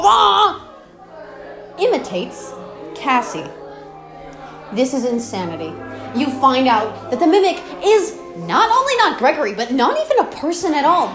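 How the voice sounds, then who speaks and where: High-pitched young woman rambling casually. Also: big pitch swings, moderate pace. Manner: rambling, laughing, swearing, slangy. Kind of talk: casual recorded chat about game lore. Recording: roomy echo with music behind. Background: clear music.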